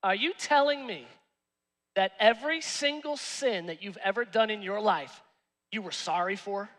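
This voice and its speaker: A man, the pastor, preaching a sermon in an animated, joking way with streetwise slang. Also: high voice, moderate pace. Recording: long reverb in a church hall.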